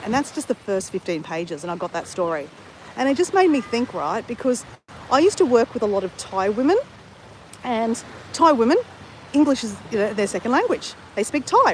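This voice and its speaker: A woman vlogs in a casual, candid chat. Her voice sits a touch high, and she swears freely without softening anything. A faint engine hum runs underneath. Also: low-quality recording. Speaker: travel vlogger.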